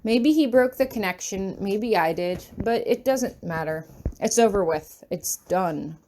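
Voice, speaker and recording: A woman narrating a first-person fanfiction audiobook in an expressive, dramatic way. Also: mid-range voice, unhurried, a little hiss or hum. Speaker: fanfiction reader.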